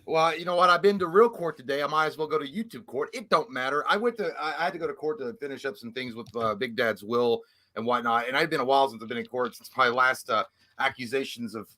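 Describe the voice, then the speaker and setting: A man's voice: medium pitch, quick pace, sharp tone. A man, co-hosting a casual chat and telling crude, joking stories full of acted-out quotes. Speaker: podcast co-host.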